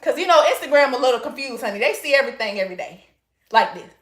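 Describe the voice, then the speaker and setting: A woman's voice: sits high, animated, fast. A woman hosting a casual livestream from her phone, reading comments and answering in a sassy manner, calling everyone honey. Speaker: livestream host.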